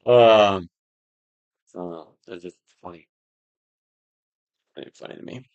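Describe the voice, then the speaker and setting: A young man talks to his stream in a loose, rambling way, full of fillers and quick jokes. His voice sits a little low, and he keeps it casual throughout. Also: expressive. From United States. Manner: rambling and jokey, lots of "like" and laughing. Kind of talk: casual livestream chat.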